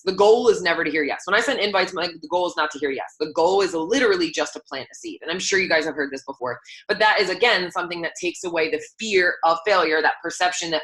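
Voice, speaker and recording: A woman's voice: lowish voice, animated, fairly quick, a bit bright. A young woman coaching her team on a call, talking in a chatty, upbeat way with lots of "like" and "um". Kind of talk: motivational team call talk.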